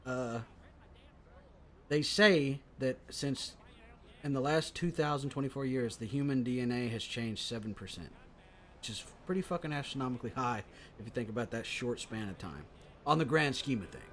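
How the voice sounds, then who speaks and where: A man co-hosting a casual comedy podcast, riffing in loud, profane rants. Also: mid-range voice, animated, moderate pace. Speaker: podcast co-host.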